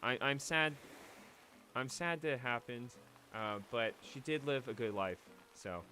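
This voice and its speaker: A man's voice: medium pitch, unhurried, bright, forceful tone, soft background music. A young man on a late-night game stream, rambling emotionally about a lost pet, choked up at times. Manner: rambling, emotional, with restarts and swearing.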